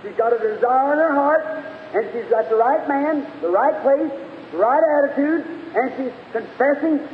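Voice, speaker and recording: A man's voice: very high-pitched, moderate pace, narrow, tinny audio, a little hiss or hum. A man in his forties preaching a sermon in a church hall, telling the story in a folksy, fervent way, captured on an old 1950s sermon tape. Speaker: evangelist preacher.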